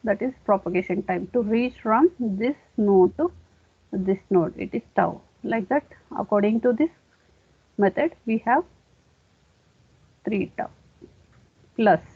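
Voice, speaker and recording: A woman's voice: medium pitch, lively intonation, unhurried, long pauses, husky, no echo. A woman giving a classroom lecture, explaining step by step and often saying okay. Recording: dry, tinny phone-like sound.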